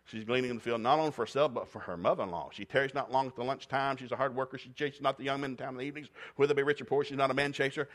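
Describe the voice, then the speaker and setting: A preacher man from East Tennessee tells a Bible story as a comic sermon. He talks in a folksy, plainspoken way, slipping jokes into the teaching at a middling pitch. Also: steady tone, racing, hardly any pauses, fairly bright tone. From East Tennessee, USA.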